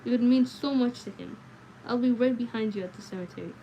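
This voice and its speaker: A gentle, tearful aunt from a storybook, speaking softly and pleading, as a woman reads her part. The voice sits a touch higher, with a mellow, dark tone. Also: fast, highs cut off, a little hiss or hum, natural voice.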